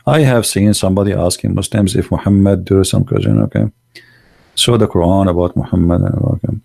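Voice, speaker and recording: Arabic-accented male broadcaster, combative and mocking, gravelly dark tone, heated monologue. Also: low-pitched, fairly even intonation, a little fast. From Arab world. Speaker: Christian apologetics broadcaster.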